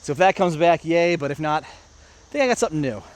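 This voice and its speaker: A man's voice: a little high, lively intonation, fast. Chatty American guy vlogging outdoors. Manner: chatty, self-narrating, talks to viewers. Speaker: disc golf vlogger. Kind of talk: casual play-by-play vlog. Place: outdoor park course.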